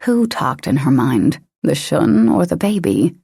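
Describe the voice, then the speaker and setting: A woman narrating an audiobook in a steady, measured reading. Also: deep voice, creaky, husky, no room sound, clean studio sound. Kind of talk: scripted narration.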